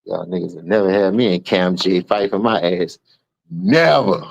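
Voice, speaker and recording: A man with a New Orleans accent streaming an unscripted, profane rant to his listeners. He keeps calling them dog and bro, and he swings between low mutters and sudden high outbursts. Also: normal speed, gravelly, dry recording, muffled recording. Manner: repeats words, addresses listener as dog and bro. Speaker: streamer giving a spoken open letter.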